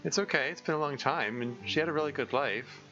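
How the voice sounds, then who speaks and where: Shy, halting teen schoolgirl, read by a man, raised and bright, slightly dull audio. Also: fairly high pitch, soft background music, voice pushed up. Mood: bashful. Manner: hesitant, halting with ums. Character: shy teenage schoolgirl, soft-spoken and self-conscious.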